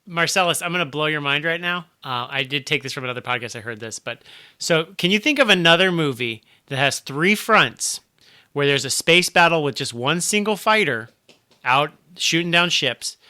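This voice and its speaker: Wry man with a very bright voice. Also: fairly high pitch, animated, moderate pace, smooth. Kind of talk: casual chat.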